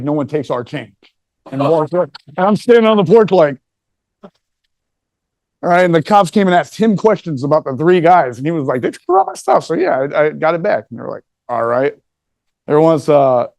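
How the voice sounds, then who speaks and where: A man's voice: on the high side, a little mellow, dry recording, studio quality. A middle-aged man telling stories about his childhood in a loose, joking way, often asking "right?". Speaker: speaker telling his life story. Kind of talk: casual storytelling talk.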